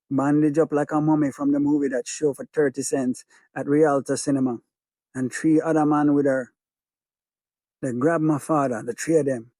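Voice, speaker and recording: A man with a Jamaican accent narrating a first-person story in a rhythmic, hushed patois. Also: mid-range voice, no echo. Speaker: audiobook narrator. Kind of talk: first-person audiobook narration of a child's memory.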